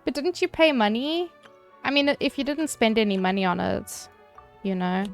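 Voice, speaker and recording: A woman's voice: fairly high pitch, lively intonation. Woman game streamer, chatty, casual swearing, faint music behind. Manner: chatty, swears casually, answers chat with quick laughs. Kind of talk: casual live-stream chat.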